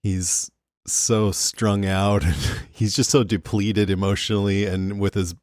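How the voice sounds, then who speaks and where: A man co-hosting a podcast, talking through a TV episode in a relaxed, reflective way. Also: on the low side, measured pace, dry recording, clean studio sound. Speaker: podcast co-host. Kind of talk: casual TV recap chat.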